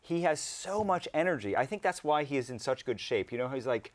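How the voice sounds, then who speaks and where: A man appearing as a guest on a startup webcast, talking about founders in a lively, energetic way. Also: mid-range voice, a little fast. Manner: lively, hyperactive talker. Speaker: guest investor. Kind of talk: casual interview chat.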